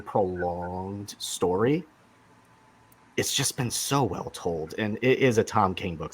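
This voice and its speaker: A man with a lowish voice hosts a casual podcast chat about comics, rambling enthusiastically with many fillers and restarts. A little hiss or hum can be heard in the recording.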